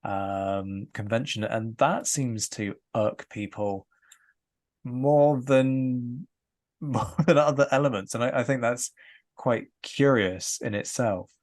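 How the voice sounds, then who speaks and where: A man appearing as a guest in a casual history discussion, animated and wry, laughing lightly as he makes his points. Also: mid-range voice, takes it slowly.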